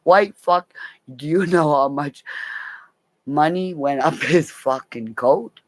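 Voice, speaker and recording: Speaking slowly in a low voice with no echo, a middle-aged woman rambles through personal stories. She's animated and profane, swearing a lot and laughing partway through her tales.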